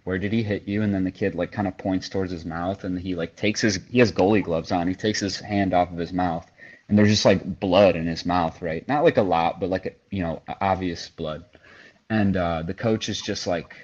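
A man's voice: low voice, steady tone, moderate pace, darkish tone, husky, muffled recording. A young man on a podcast, casually telling a long story with lots of "like" and "you know". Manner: storytelling, heavy filler words. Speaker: podcast co-host. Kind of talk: casual chat.

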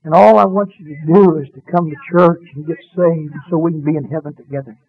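A man quoting a gentle elderly mother, lowering his voice to a soft, imploring tone. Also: steady tone, a little fast, husky. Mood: pleading. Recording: dull dry radio sound.

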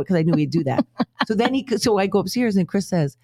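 A woman, co-hosting a casual chat, telling stories in a profane, animated way into a studio mic. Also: lowish voice, quick pace, no echo. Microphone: studio microphone.

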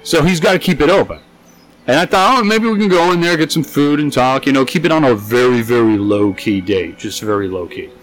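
A man co-hosting a casual podcast, telling a story, swearing often and acting out what others said. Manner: animated, swears a lot, acts out quotes in high voices. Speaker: podcast co-host.

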